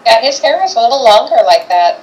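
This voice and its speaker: A woman co-hosting a casual chat, explaining her findings in a measured way. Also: fairly high pitch, expressive, a little mellow, poor audio. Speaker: co-host, paranormal investigator.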